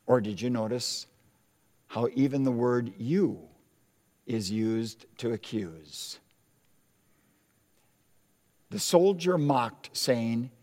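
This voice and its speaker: A man preaching a sermon as pastor, in an emphatic, deliberate style with dramatic pauses. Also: medium pitch, lively intonation, a little mellow. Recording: long hall reverb.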